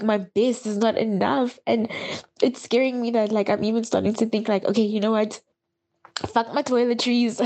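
A young woman recording an emotional phone voice note, overwhelmed and venting in slangy, halting speech. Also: a little high, creaky, a little mellow. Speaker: podcast host.

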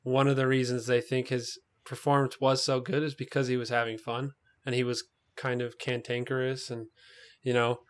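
A man's voice: mid-range voice, level tone, moderate pace. Chatty man hosting a movie podcast. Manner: chatty, lots of fillers and tangents. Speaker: podcast host. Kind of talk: casual movie chat.

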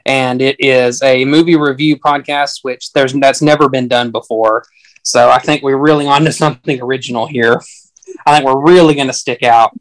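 A man's voice: medium pitch, steady tone, normal speed, low-quality recording. A man with a Southern US accent, chatting as a guest in a casual podcast interview and making dry joking asides. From Southern United States.

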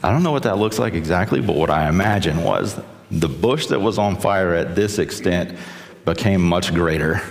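Man, preacher, low voice, chatty sermon, long hall reverb. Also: expressive, normal speed, gravelly. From South Carolina, US. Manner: conversational, asks the audience with "right?". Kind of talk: sermon, retelling a scripture story.

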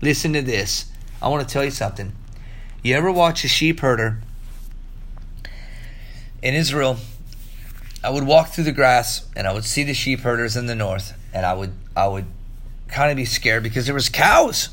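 A man preaching a sermon, telling stories with big swings between loud excitement and hushed, low moments. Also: moderate pace, pauses often. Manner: animated storytelling preacher, swinging from loud highs to hushed lows. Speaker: pastor.

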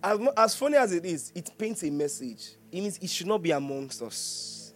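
A Nigerian man preaching with a fairly high voice, full of jokes and laughter. He keeps asking his congregation questions as he goes, over soft music in the background. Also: sing-song, normal speed. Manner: humorous, laughing often, teasing the congregation. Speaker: pastor. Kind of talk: sermon.

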